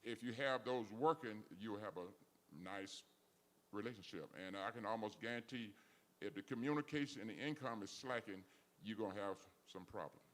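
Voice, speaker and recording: A man's voice: on the low side, moderate pace, a bit bright. An older man telling casual stories, rambling along with frequent restarts. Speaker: guest. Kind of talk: casual storytelling.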